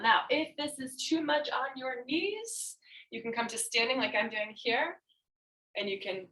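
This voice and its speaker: A woman teaching a yoga class cues breaths and poses as she demonstrates them, slightly out of breath. Her voice is on the high side, expressive and sharp in tone, at a measured pace. The recording sounds roomy, with the mic at a distance.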